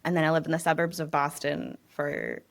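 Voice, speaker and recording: A woman in her thirties from New England talks as a guest in a casual interview. She is chatty and tells stories at length. Her voice sits slightly low and she laughs easily. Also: wildly swooping pitch, a little fast, creaky. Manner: chatty, laughs often, rambling storyteller. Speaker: real estate agent, guest.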